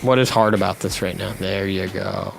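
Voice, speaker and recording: A man's voice: deep voice, steady tone, normal speed, creaky, music in the background. A man hosting a livestream, bossy and profane as he gives orders. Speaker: livestream host. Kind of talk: livestream chat.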